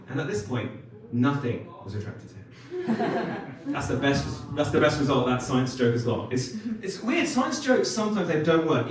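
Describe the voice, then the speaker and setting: Wry British man doing stand-up. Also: medium pitch. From United Kingdom. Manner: wry, self-deprecating, animated delivery with quick asides. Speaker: stand-up comedian. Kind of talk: stand-up comedy set. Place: comedy club stage. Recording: echoey club room, mic from some distance. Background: audience laughter.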